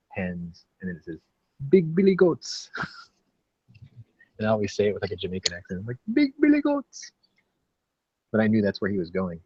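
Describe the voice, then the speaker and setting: Deep husky laid-back man. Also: dry recording, muffled recording. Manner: laid-back, laughs often, swears casually. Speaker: podcast host. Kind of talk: casual chat.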